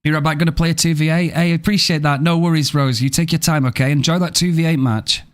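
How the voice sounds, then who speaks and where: A man's voice: on the high side, fairly even intonation, quick pace. A man live-streaming a game, chatting casually and playfully, joking and thanking viewers by name, with casual swearing.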